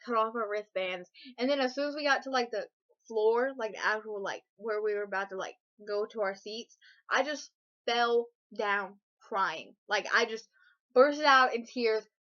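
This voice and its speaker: Teen girl gushing on her webcam vlog, high bright voice, kinda muffled lo-fi audio. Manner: gushing, breathless, lots of fillers and shrieks. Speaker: vlogger. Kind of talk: excited personal storytelling.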